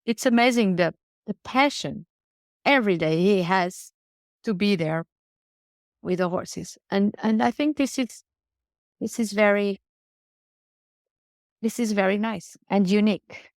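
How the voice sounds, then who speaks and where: A woman's voice: mid-range voice, a little slow, long pauses, no echo, studio quality. A woman, speaking earnestly in a casual interview and often repeating words as she searches for phrasing. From Portugal. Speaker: guest, riding instructor.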